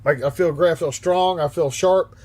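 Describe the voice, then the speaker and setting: A man in his fifties with a fairly high-pitched voice hosts a casual livestream. He reads the chat aloud and answers bluntly, swearing freely. His delivery is animated and often quick. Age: 50s. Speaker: livestream host reading chat.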